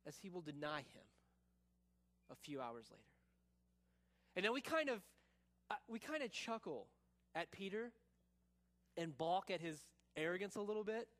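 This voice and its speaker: A man preaching a sermon, telling a story and acting out quotes, then dropping to a quiet, searching tone. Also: sits high. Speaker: pastor.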